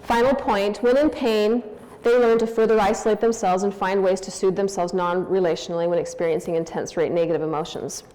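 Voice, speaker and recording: A woman's voice: medium pitch, steady tone, brisk, dark tone. A woman in her forties giving a candid, anecdotal talk on parenting as a church speaker, in a church hall. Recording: long hall reverb.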